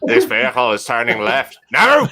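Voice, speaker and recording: A man putting on a booming, sermonising older preacher-politician. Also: sing-song, normal speed, crowd noise, lightly acted. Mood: thundering. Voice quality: thundering, sermonising.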